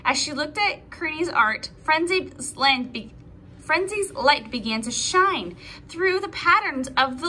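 In a high-pitched voice, a woman teacher reads aloud from a picture book for preschoolers. The storytelling is slow and animated, peppered with little asides to the children, against slight background noise.

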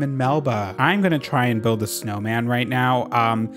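A man's voice: medium pitch, normal speed, few pauses, fairly bright tone, faint music behind. A sassy young man giving casual, profane commentary while playing a life-sim game. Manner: sassy, profane, reads villager lines aloud. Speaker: gaming vlogger.

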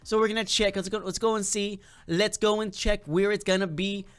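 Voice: mid-range voice, fairly even intonation, fairly quick, smooth. Playful chatty gamer with a lingering cold. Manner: playful, chatty, talks straight to viewers. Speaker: gaming video creator. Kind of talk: casual gameplay commentary.

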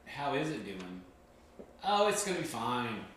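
A middle-aged man in his fifties joining his daughters' kitchen livestream, relaxed and wry. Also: medium pitch, unhurried. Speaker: father of the hosts, guest. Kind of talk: casual chat. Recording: roomy kitchen echo, faint room noise.

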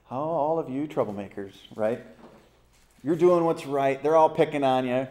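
A man's voice: medium pitch, moderate pace, mellow. A man leading a church Bible study, teaching animatedly, asking the group questions and acting out voices in his stories.

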